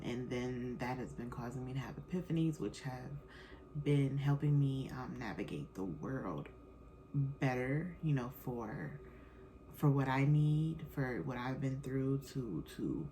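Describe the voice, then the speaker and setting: On her own podcast, this thirty-something host keeps things chatty and relaxed, leaning on fillers and slang. The voice rumbles low and mellow, and the rough recording has a slight hiss or hum.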